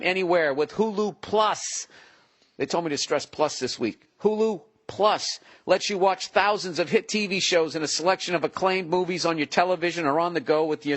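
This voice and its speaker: A man's voice: high-pitched, fairly bright tone, no room sound. A man hosting a podcast, joking in profane, punch-drunk banter with a friend on tour and reading ads casually. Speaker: podcast host. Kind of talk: casual chat and ad reads. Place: touring on the road.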